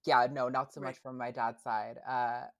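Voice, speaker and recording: A woman's voice: very deep voice, level tone, moderate pace. A young adult woman, a podcast guest, chatting casually with lots of fillers and restarts. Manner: hesitant, many fillers and restarts. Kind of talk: casual interview chat.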